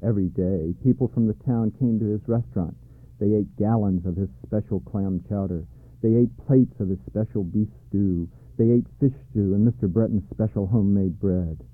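A man's voice: on the low side, moderate pace, no room sound. Man reading a storybook, thin dry sound. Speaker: narrator. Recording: dry tinny narrow-band sound.

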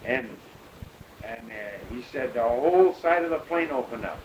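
An older man, a pilot, recounting his past in a rambling, halting way full of fillers. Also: medium pitch. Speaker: bush pilot telling his story. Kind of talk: oral history storytelling. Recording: noisy recording.

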